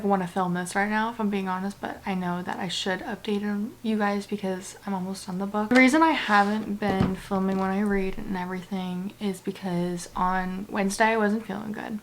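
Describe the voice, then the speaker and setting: Soft-spoken young woman vlogger. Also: medium pitch. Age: young adult. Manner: soft, halting, often near a whisper. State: tearful. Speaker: book vlogger. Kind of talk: casual personal vlog to camera.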